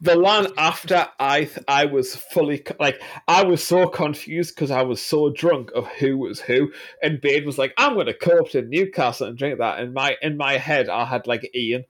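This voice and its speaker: A man chatting on a podcast, telling animated, laugh-filled anecdotes with some swearing. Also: on the high side, moderate pace, hardly any pauses. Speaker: podcast guest. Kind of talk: casual podcast chat.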